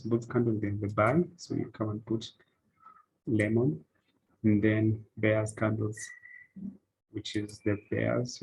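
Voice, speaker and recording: Husky gravelly-voiced man explaining trading software. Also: fairly low pitch, rough recording. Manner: step-by-step, repetitive "so you come" phrasing with "eh" fillers. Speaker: forex trading instructor. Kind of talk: screen-recorded tutorial walkthrough.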